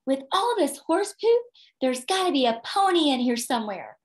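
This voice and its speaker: A woman voicing an eager, excited four-year-old boy in a story she tells. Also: sits high, moderate pace, pitched above the performer's own voice.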